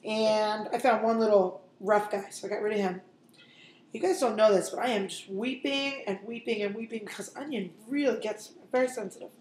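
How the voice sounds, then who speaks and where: A woman's voice: medium pitch, fairly even intonation, fairly quick, darkish tone, reverberant. A woman in her forties hosting a home cooking show, chatting and joking straight to viewers as she works. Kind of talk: casual cooking demonstration.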